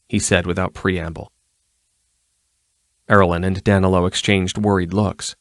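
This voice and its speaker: A man narrating a fantasy audiobook in an even, measured way. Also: low voice, dry recording, studio quality. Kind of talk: scripted narration.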